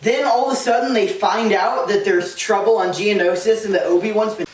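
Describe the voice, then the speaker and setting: A man's voice: sits high, fairly quick, slight background noise. A man giving a casual, comedic lecture to a small audience, talking in a sarcastic, rambling way full of "like" asides. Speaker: presenter. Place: room with a small live audience. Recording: echoey room, distant mic.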